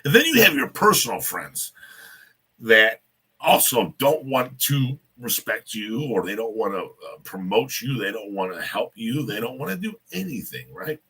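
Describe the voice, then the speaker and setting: A man's voice: medium pitch, sing-song, normal speed, sharp tone, slightly rough. A man hosting a casual live rant show, rambling loosely and boastfully while drinking. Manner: rambling, loose and boastful, keeps repeating a catchphrase.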